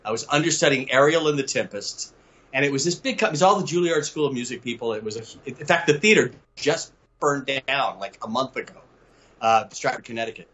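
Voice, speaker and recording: An older man from Mississippi, a guest telling lively stories over a video call and laughing often. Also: mid-range voice, fast talker, dull audio. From Southern US, Mississippi. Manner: animated storyteller, laughs often.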